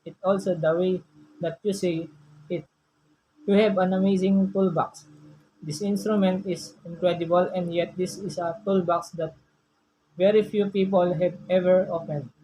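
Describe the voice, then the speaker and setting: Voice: steady tone, moderate pace, dark tone, a little hiss or hum, low-quality recording. Enthusiastic speaker demonstrating voice techniques. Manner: demonstrates registers and pitch shifts by voicing examples. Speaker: speaker on voice use. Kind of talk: presentation on speaking voice.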